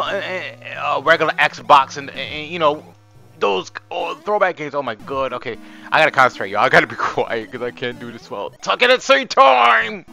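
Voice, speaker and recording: A young man giving chatty, excitable gameplay commentary as host, talking to viewers and swearing, a bit hoarse from screaming. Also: medium pitch. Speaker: gaming channel host.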